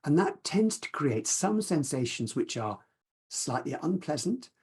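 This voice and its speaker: Male meditation teacher, soft and reflective, slightly breathy mellow tone, video-call sound. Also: fairly high pitch, very animated. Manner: gentle, reflective, unhurried. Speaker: mindfulness teacher. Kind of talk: teaching talk with guided practice.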